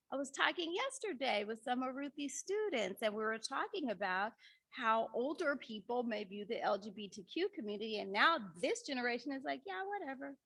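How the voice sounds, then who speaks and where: Animated middle-aged woman, high and gravelly. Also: no echo. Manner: animated storyteller, acts out dialogue with her daughter. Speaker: workshop speaker. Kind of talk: conference workshop talk.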